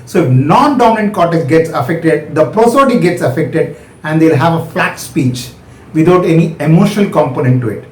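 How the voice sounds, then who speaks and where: A man's voice: a little high, lively intonation, moderate pace, reverberant, poor audio. A man with an Indian English accent giving a step-by-step medical lecture, asking and answering his own questions.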